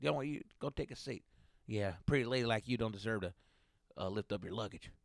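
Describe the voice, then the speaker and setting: A man's voice: fairly low pitch, fast talker, creaky, no echo, clean studio sound, voice pushed down. A man voicing a courteous Texan driver who politely offers help. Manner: polite, gallant.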